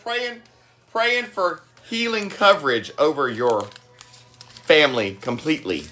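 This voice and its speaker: A woman's voice: deep voice, expressive, a little slow, fairly bright tone, faint music behind. A woman with a South Carolina Southern twang, chatting folksily while cooking live, laughing often and greeting viewers. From South Carolina, USA. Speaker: cooking livestream host.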